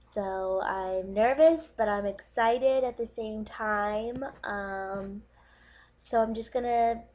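An actress playing a nervous young woman in a dating video who keeps breaking into tears over cats, halting with many ums. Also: a little high. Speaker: comic dating video character. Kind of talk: comedic video monologue.

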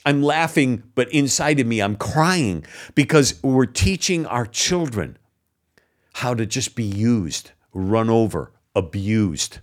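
A man hosting an opinion commentary show, sarcastic and exasperated, mocking what he reads out with scoffing laughs. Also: mid-range voice. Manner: indignant, exasperated. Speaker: political commentary host.

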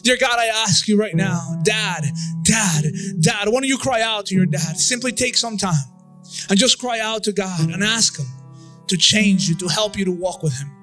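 A male pastor leads an impassioned altar-call prayer in a church, repeating phrases and drifting into a half-sung cadence. His voice sits high for a man. Instrumental music plays clearly underneath him.

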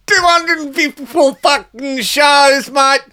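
A man voicing a crude, loud young Australian man with an Australian accent, who swears constantly and says "mate" at the end of his lines. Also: very high-pitched, slow, voice pushed up, full character voice. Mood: boastful.

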